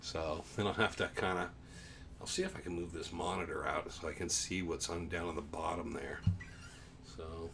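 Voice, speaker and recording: A man hosting a casual livestream, reading viewer comments in a rambling, easygoing way, a bit low on energy from the heat. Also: steady tone, moderate pace, gravelly, over loud music. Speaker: livestream host.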